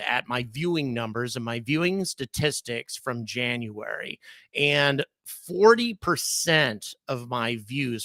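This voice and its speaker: A man's voice: mid-range voice, pushed and bright, no echo. A man hosting a live stream, talking loosely with many fillers and restarts, greeting viewers one by one. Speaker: host.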